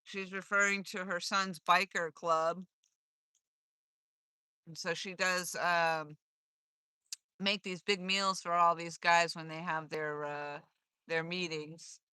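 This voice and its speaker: A woman with a bright, forceful voice and a slightly low pitch hosts a live stream from a dock. She chats easily and reads viewer comments aloud, and the sound is dry and close. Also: flat delivery, slow, pauses often, smooth, no room sound. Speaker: livestream host. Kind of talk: casual live chat. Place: outdoors on a lake dock.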